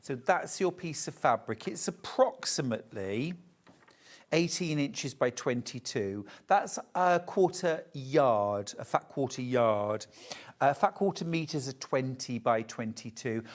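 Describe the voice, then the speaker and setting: A man's voice: medium pitch, sing-song, measured pace. A man presenting fabrics on a live home shopping show, chatty and full of enthusiasm.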